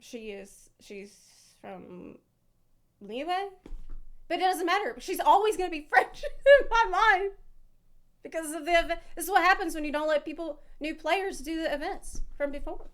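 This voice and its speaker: A woman's voice: very high-pitched, expressive, normal speed, fairly bright tone. A woman streamer reacting to a video, rambling and swearing in casual chat. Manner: rambling, swearing, self-mocking.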